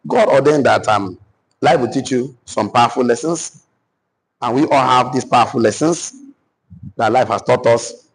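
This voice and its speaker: A man with a Nigerian accent teaching a business class, repeating each phrase slowly so listeners can write it down. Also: mid-range voice, husky, low-quality recording. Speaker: business coach. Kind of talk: dictated teaching session.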